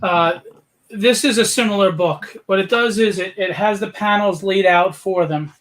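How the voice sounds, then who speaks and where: Male co-host, high voice, teasing, casual banter. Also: moderate pace, fairly bright tone. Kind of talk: casual livestream chat.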